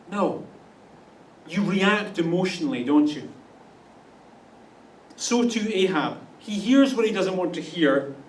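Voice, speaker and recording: A man's voice: high-pitched, a little hiss or hum. A man with a Canadian accent preaching a sermon in a conversational way, often putting questions to the congregation. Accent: Canadian English. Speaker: pastor. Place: church sanctuary. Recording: roomy church sound from a distance.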